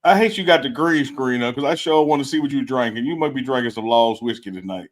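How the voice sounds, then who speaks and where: A man's voice: mid-range voice, fast. A man co-hosting a live sports talk stream, teasing his partner and repeating his points for emphasis. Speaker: co-host. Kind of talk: casual sports debate. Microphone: live stream setup.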